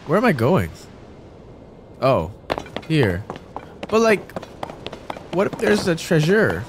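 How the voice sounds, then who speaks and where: A man's voice: a little high, wildly swooping pitch, takes it slowly, pauses often, noisy background. A man giving casual, goofy let's-play commentary, mocking himself and talking to the game characters. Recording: game music behind voice.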